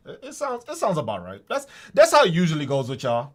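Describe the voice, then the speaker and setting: A man's voice: on the high side, huge pitch swings, quick pace, few pauses, a bit bright. A man hosting a podcast, delivering a profane, mocking political rant. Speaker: podcast host. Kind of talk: ranting political monologue.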